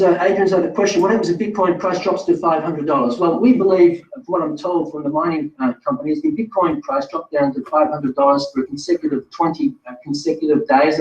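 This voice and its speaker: A man presenting a live online webinar, talking straight to viewers in a chatty, self-correcting way. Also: fairly high pitch. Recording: distant roomy lo-fi sound.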